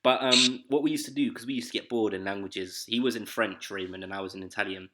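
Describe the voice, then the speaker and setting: A young man tells school and family stories on a casual podcast, full of slang and laughter. His voice is very bright and forward. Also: fairly low pitch, fast. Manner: laughing, slangy, animated retelling. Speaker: podcast host. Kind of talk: casual storytelling chat.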